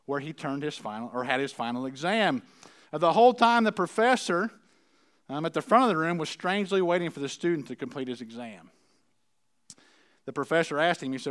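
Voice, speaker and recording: Middle-aged man preacher, folksy and chatty, smooth, slightly high voice. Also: a bit bright. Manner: conversational, folksy, checks in with the audience often. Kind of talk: sermon.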